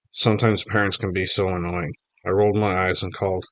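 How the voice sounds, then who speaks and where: A man's voice: low-pitched, level tone, brisk, hardly any pauses, a bit bright, no echo. A man narrating a children's book in the first person, reading steadily and plainly. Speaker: audiobook reader.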